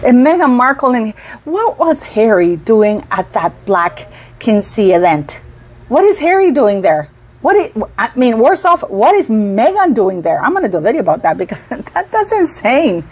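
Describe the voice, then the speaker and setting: Woman, middle-aged, channel host, casual commentary, indignant, emphatic, slightly high voice. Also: sing-song, moderate pace, a little mellow, husky.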